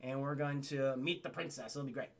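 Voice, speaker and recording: A man voicing a calm, noble male gargoyle leader who speaks in a steady, reassuring way. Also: mid-range voice, fairly quick, voice pushed down, lightly acted.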